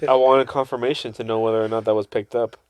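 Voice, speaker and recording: A man's voice: mid-range voice, level tone, fast, a little mellow, smooth, dry recording. Rambling young man on a dry desk mic. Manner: rambling, full of "like" fillers, quotes lines in silly voices. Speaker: podcast co-host. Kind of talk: casual chat. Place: basement studio room.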